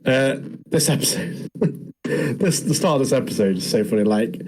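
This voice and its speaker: A man's voice: medium pitch, animated, normal speed, darkish tone, slight background noise, rough recording. A man co-hosting a casual anime recap, rambling with plenty of fillers. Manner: rambling with many fillers, laughs at his own jokes. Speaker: podcast co-host.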